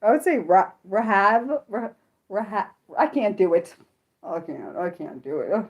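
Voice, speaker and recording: A young adult woman chatting casually on her livestream, apologetic and self-deprecating, swearing a lot and swinging from high laughing squeals to low mutters. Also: lively intonation, measured pace, highs cut off. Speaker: livestream host. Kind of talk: unscripted livestream chat with viewers.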